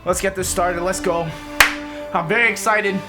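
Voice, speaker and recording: A young man streaming games live, chatting casually and excitedly to his viewers and joking as he goes. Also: high voice, moderate pace. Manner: excitable, joking, keeps calling viewers boys and lads. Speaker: gaming streamer. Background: game and trailer music.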